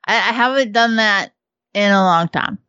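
A woman co-hosting a podcast, frank and quick to laugh, with the occasional swear. Her voice sits in the middle range. It comes through a slightly dull, muffled mic with a dry sound. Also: mid-range voice, bright, forceful tone, clean tone, dry recording. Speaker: podcast co-host. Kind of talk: casual chat.

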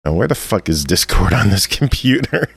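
A man's voice: on the low side, sing-song, moderate pace, vocal fry, a bit bright, breathy edge, no room sound. A man hosting a casual gaming podcast over voice chat, laughing and swearing as he banters. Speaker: podcast host. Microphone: computer mic over voice chat.

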